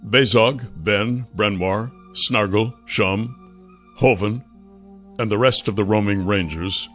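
A man narrating a fantasy audiobook in a measured, deliberate way. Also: on the low side. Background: faint music.

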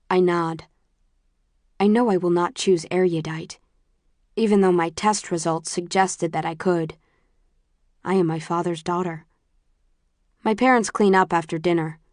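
A woman narrating a first-person story as an audiobook reader, in a measured, even storytelling manner. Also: on the low side, no echo, studio quality.

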